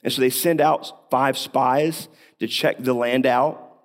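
Slowly and in a steady tone, a male pastor with a mid-range voice explains a Bible passage during his sermon. His style is conversational, with rhetorical questions and the odd cough.

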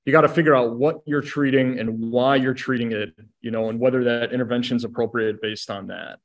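Man explaining cardiac care, even-voiced. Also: medium pitch, fairly quick. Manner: explanatory, steady, with frequent "you know" fillers. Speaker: assistant medical director. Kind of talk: educational podcast discussion.

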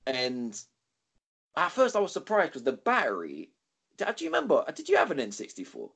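Lively man telling a rambling story. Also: medium pitch, fairly quick, vocal fry, husky. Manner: rambling, swears freely, animated quoting. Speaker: podcast co-host. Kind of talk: casual storytelling chat.

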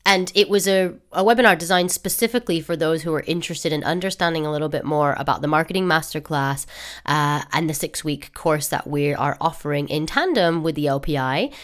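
Woman podcast host, croaky from a cold, pretty low voice, chatty and upbeat. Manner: chatty, upbeat, with frequent fillers. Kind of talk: casual podcast intro.

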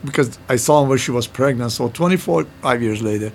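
A man's voice: mid-range voice, fast, slight background noise. An older man, a former restaurant owner, telling stories in a casual interview, rambling with restarts and broken grammar.

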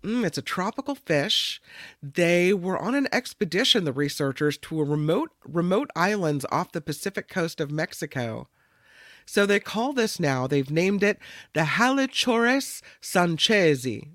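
A man's voice: fairly high pitch, lively intonation, moderate pace, fairly bright tone, no echo, studio quality. A man co-hosting a casual news show, reading stories aloud with playful asides. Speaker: co-host.

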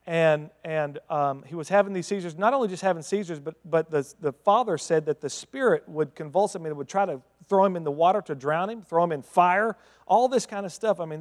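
A man with a high-pitched voice preaches a dramatic sermon. He swings from fiery outbursts to hushed, intense asides and keeps throwing rhetorical questions at the congregation. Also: a little fast, big-room sound. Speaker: pastor.

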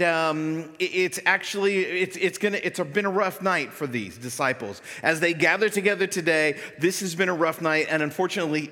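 Male pastor, bright and higher-pitched, casual preaching style, long hall reverb. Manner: conversational preaching, animated when voicing the disciples. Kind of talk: sermon. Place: church sanctuary.

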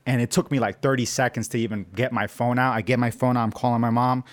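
A young man and army veteran telling stories in a casual podcast chat, fast and profane. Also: medium pitch. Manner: fast, profane, animated storytelling.

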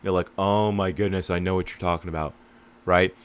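Young male business coach, very low voice, casual and rambling, acts out customer calls. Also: steady tone, fairly quick, clean tone. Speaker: lawn care business owner and coach. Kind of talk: casual advice monologue.

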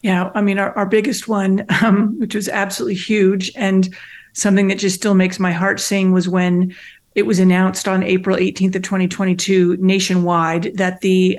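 A woman's voice: medium pitch, moderate pace. A middle-aged woman speaks as a guest in an interview. She tells her story earnestly and with animation, stressing points through repetition, and she often stops to restart her sentences. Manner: animated storytelling, acts out quoted voices; restarts and fillers, earnest and emphatic. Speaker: guest, nonprofit founder. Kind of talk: conversational interview.

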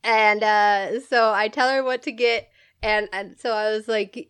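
A woman's voice: medium pitch, fairly even intonation, measured pace, fairly bright tone, smooth, dry recording. A woman co-hosting a casual chat, telling a story and laughing often. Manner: giggly, tells stories, laughs often. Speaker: podcast co-host.

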